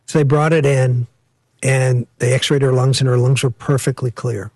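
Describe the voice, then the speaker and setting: A man's voice: medium pitch, fairly even intonation, normal speed, darkish tone, dry recording. A man recounting a personal story as an interview guest, emphatic and conversational.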